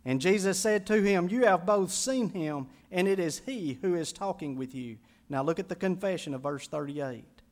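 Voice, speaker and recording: A man's voice: high-pitched, moderate pace. A man preaching a sermon as pastor, building to emphatic, rising intensity on key phrases.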